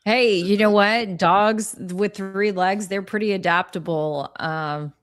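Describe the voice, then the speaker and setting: A woman hosting a casual podcast chat, talking in a relaxed, playful way. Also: medium pitch, slow pace, no echo, clean studio sound. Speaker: podcast host.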